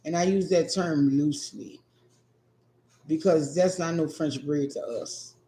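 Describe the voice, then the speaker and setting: Slow-drawling New man, echoey room. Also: fairly high pitch, warm tone. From New Orleans. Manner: profane, teasing, laid-back drawl. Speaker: streamer answering chat. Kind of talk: casual livestream chat.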